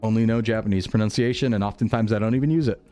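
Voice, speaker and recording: A man's voice: on the low side, rapid-fire, warm tone. Laughing, chatty young man streaming a game. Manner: chatty, laughs often, jokes with chat. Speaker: VTuber streamer. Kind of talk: casual livestream chat while playing. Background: faint background music.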